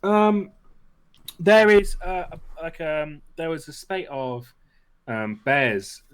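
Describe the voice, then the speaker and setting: Lively, jokey man. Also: fairly high pitch, slow pace, clean tone. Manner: jokey, swears freely, lively delivery. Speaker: podcast co-host. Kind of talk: casual banter.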